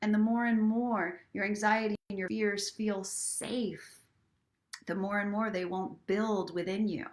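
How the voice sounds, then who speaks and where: A woman hosting a live story time stream, chatting in an encouraging way and slowing down for soft affirmations. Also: mid-range voice, steady tone. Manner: chatty and encouraging, reads viewer comments aloud. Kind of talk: casual live-stream talk with inspirational reading.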